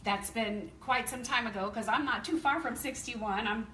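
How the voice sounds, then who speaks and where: Southern lady in her 50s, bright voice, laughing as she chats to a crowd, echoey room. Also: fairly high pitch, normal speed, far from the mic, slight background noise. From American South. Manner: chatty, laughing, animated storytelling. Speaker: company distributor speaking at a meeting. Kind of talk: casual testimonial to an audience.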